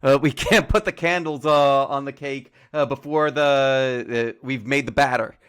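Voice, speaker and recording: A man's voice: mid-range voice, steady tone, measured pace, fairly bright tone, clean tone. A male trading educator explaining chart setups on a casual livestream, talking through examples with homely analogies and frequent fillers.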